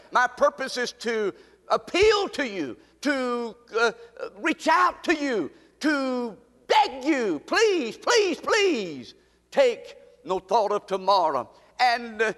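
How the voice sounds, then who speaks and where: High-voiced preaching man in a reverberant hall. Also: a bit bright. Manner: impassioned, repetitive preaching with pleading rises. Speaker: pastor. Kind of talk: sermon.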